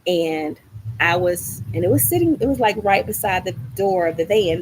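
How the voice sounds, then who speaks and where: A middle-aged woman hosting a gardening livestream, telling a story in a casual, animated way and acting out the lines she quotes. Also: a little hiss or hum, poor audio. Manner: animated, acts out quoted lines with rising pitch. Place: small home patio garden, outdoors.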